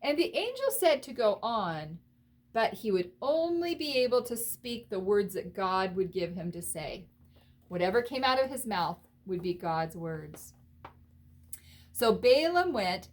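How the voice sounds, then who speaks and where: Woman Bible teacher, higher voice, animated storytelling for children, speaks straight to the listeners. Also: unhurried. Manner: animated, expressive, talks directly to listeners.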